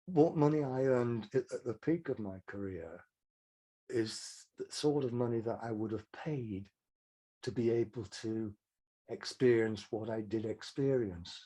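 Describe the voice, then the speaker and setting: A man's voice: mid-range voice, unhurried, dark tone, slightly rough. An older man, a songwriter telling frank, rambling anecdotes in an interview. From Manchester, England. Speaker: songwriter guest. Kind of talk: casual interview storytelling.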